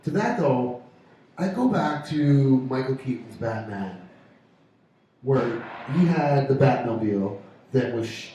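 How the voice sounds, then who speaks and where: Host, excitable rambler, recorded far off in a very echoey pub with faint chatter behind. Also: male voice, medium pitch, unhurried, a little hiss or hum. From Canada. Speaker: radio show host. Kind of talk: casual pub banter.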